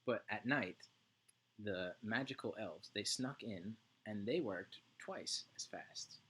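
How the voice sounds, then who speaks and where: A man's voice: on the low side, slow pace, pushed and bright, husky. A male music teacher giving an online lesson to young children, chanting rhythm syllables and checking in often with "right?".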